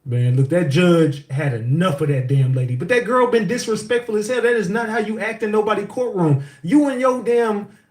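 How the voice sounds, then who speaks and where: Guy ranting blunt and salty, high-pitched, lotta room echo. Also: expressive, normal speed, a little mellow. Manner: blunt, profane, scolding rant. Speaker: co-host. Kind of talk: casual commentary. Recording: echoey room.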